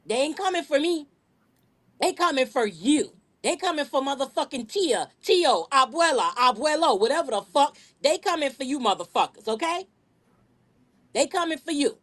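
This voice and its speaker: A woman's voice: high voice, expressive, moderate pace, fairly bright tone. A woman hosting a live-streamed podcast, talking in an aggressive, profane, emphatic way and repeating words when heated. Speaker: podcast host.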